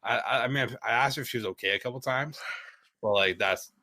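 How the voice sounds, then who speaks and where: A man's voice: medium pitch, fairly quick, bright, forceful tone, no room sound. A young man telling a story in casual podcast chat, rambling, laughing often and swearing a lot. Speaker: podcast guest.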